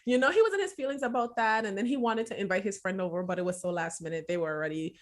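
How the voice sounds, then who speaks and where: A woman's voice: mid-range voice, very fast. Reflective, laughing mother on a podcast. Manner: reflective storyteller who acts out quotes and laughs easily. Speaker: podcast co-host. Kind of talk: casual chat.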